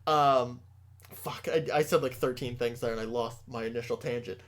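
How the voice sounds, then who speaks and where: A man co-hosting a casual podcast chat, excitable and swearing a lot, raising his voice when he gets worked up. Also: medium pitch, normal speed. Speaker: podcast co-host.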